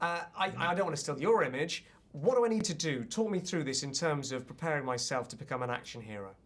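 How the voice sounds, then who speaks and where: A man's voice: a little high, animated, quick pace, fairly bright tone. Jokey British radio host, man. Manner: jokey, self-deprecating banter. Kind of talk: casual radio interview.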